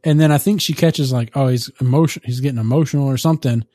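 A man casually recapping a movie on a podcast, animated and profane, often laughing through the story. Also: medium pitch, fast talker, no room sound, studio quality. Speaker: podcast co-host.

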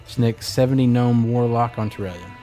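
A man's voice: mid-range voice, normal speed, warm tone, faint music behind. A man hosting a casual gaming podcast, reading listener emails aloud in a laid-back way, with hesitant fillers and blunt swearing.

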